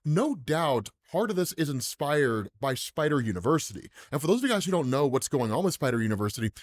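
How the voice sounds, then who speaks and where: Speaking in a sing-song, fairly high voice, this American host of a comics explainer channel talks fast. He's chatty, laughs a lot, and ends his sentences with "right?" again and again.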